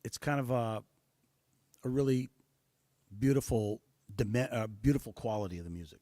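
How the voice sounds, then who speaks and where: A man's voice: mid-range voice, moderate pace, mellow, dry recording, clean studio sound. A man being interviewed about drumming, explaining rhythms and counting and singing the beats aloud. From Seattle-based. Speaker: guest musician, drummer.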